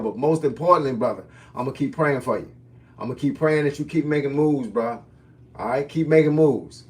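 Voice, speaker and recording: A man's voice: on the high side, distant mic. Plain-spoken man in his fifties. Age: 50s. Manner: casual, folksy, plain-spoken slang. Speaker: fitness and boxing coach. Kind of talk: live-stream Q&A with viewers.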